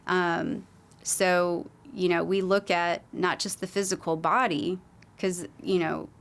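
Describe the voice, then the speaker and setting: A woman's voice: lowish voice, little pitch movement, slow pace, creaky. A woman wellness coach telling client stories on a podcast, earnest and rambling with many fillers. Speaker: holistic wellness coach, guest. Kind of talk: casual podcast conversation.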